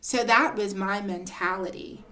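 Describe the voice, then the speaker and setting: A woman telling a personal story to her viewers in a casual, confiding storytime, often calling her listeners "girl" and building drama with pauses. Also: mid-range voice, fairly even intonation, noisy background. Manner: chatty, confiding, keeps addressing listeners as "girl".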